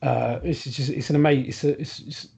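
A man's voice: mid-range voice, fairly even intonation, a little fast, gravelly, mellow, slightly rough. A man chatting casually on a podcast, rambling with lots of ums and restarts. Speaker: podcast guest. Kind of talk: casual chat.

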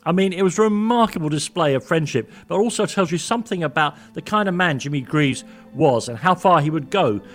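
A male radio host reads a scripted tribute, voice sitting a little high with a lively, rising and falling pitch. He tells his stories in an earnest, personal way. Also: a little fast, hardly any pauses, faint music behind. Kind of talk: scripted narration.

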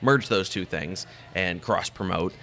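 A podcast host appearing as a guest on another show talks casually in an interview, his low, sharp voice moving a little slowly. He rambles with plenty of fillers and restarts and laughs easily.

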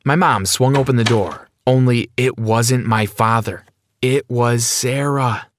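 A man narrating a scripted first-person story in a steady, even reading. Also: mid-range voice, measured pace, a little hiss or hum.

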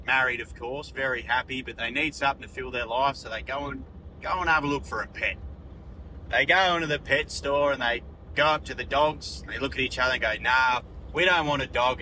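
A man's voice: medium pitch, normal speed, sharp tone, a little hiss or hum, low-quality recording. A man with an Australian accent sending in a voice message, telling a long crude joke in a laddish, sweary way.

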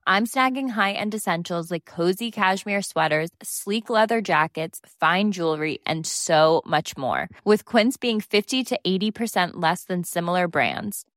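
A woman's voice: lowish voice, lively intonation, moderate pace, few pauses, fairly bright tone, no room sound, studio quality. A woman podcast host giving an upbeat, breezy scripted ad read.

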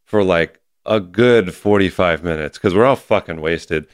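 Deep, smooth-voiced young man. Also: a little slow, no room sound, studio quality. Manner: laid-back storytelling, swears often. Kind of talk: casual chat.

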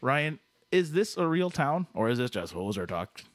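A man's voice: medium pitch, sing-song, moderate pace, dry recording. A man co-hosting a podcast, joking and teasing as he runs a quiz game. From Canada. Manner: joking, playful, teasing with silly voices. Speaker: podcast co-host. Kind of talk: casual chat, quiz game.

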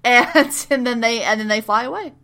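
A woman in casual chat, recapping a TV episode with lots of laughter and quick acted-out lines. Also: fairly high pitch. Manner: animated, laughing, swearing, acts out characters in quick voices. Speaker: podcast co-host recapping a TV show.

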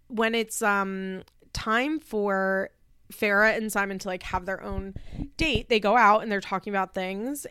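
A woman giving a casual, opinionated recap, chatty with many fillers and acting out quotes in high voices. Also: a bit bright, clean tone, no echo, studio quality. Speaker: commentator recapping a reality show.

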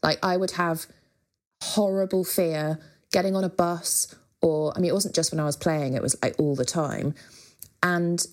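A woman musician, appearing as an interview guest, speaks frankly and chattily, with plenty of fillers and casual swearing. Her voice sits on the low side, a little mellow, with a steady tone at a moderate pace. It's a candid interview conversation.

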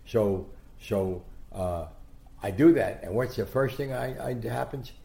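An older man telling anecdotes as an interview guest, animated, acting out quotes and often restarting his sentences. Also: fairly low pitch, normal speed, creaky. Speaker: guest storyteller. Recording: echoey room.

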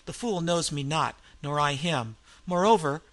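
Male narrator as scheming French highwayman; cold, measured threats in a bright, lifted voice. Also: animated. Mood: menacing.

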